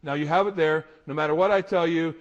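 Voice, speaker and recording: Animated man telling stories on stage. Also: on the high side, quick pace, dull audio. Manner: animated storytelling with laughter. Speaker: motivational speaker. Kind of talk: live talk to an audience.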